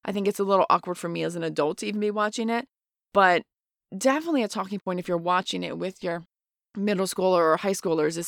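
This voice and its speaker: A middle-aged woman co-hosts a parenting podcast, speaking earnestly and with emphasis as she explains her points through everyday examples. Her voice is lowish and fast, with some vocal fry, and the studio-quality recording has no echo. It's a casual chat about parenting.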